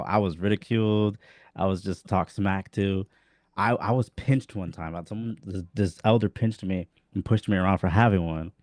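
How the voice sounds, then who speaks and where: A man, a former Jehovah's Witness, telling animated stories on a casual online panel, saying "bro" and "like" a lot. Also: fairly low pitch, no echo.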